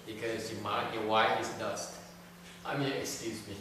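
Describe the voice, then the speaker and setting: Animated Buddhist teacher in an echoey hall. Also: male voice, lowish voice, moderate pace. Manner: animated, switches between English and Vietnamese, repeats words. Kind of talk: dharma talk. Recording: echoey hall, recorded from far off, noisy.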